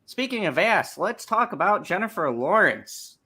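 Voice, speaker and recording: A man hosting a casual chat show, playful and quick to laugh. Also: high-pitched, sing-song, bright, forceful tone, slightly rough. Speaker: host.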